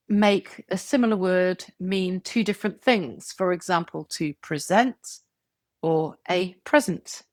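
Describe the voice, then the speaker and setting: A woman giving a scripted English pronunciation lesson, clear and measured, stretching example words to show stress. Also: fairly low pitch, no echo, clean studio sound. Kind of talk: scripted tutorial narration.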